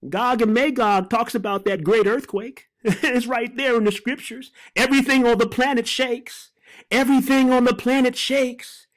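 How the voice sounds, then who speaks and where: A Bible teacher in fervent, excited teaching, repeating phrases, praying aloud, and breaking off mid-sentence with laughter. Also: medium pitch, normal speed.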